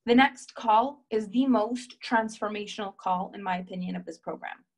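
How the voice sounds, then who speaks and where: This woman speaks at a medium pitch and a moderate pace while coaching relationships on a group call. Warmly encouraging, she reads out the comments members send in.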